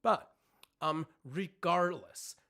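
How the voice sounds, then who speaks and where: A man coaching singers on a live stream. He talks haltingly, searches for words, and breaks off to demonstrate screams and vocal sounds. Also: fairly high pitch, pushed and bright.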